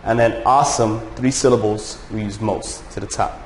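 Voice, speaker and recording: A man teaching an English grammar lesson to a class. He checks in often with "all right?" and "okay?" and slows down to stretch out his example sentences. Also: lowish voice, fairly even intonation. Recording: echoey room with faint noise.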